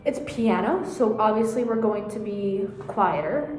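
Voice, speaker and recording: Loud music plays behind this woman as she coaches violas in an unhurried, medium-pitched voice, muffled by a face mask and a bit breathless. She is informal and uses many fillers while counting beats aloud in a casual lesson, and the echoey room leaves a long reverb tail.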